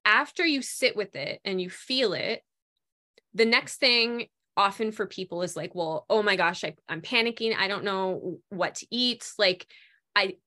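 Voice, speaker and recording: A woman in a relaxed conversation, explaining her ideas with animated energy. She often slips into quick little voices for what people think to themselves. Her voice has a bright, forward tone. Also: medium pitch. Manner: animated, acts out inner voices. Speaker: guest on food and cravings. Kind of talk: casual conversation.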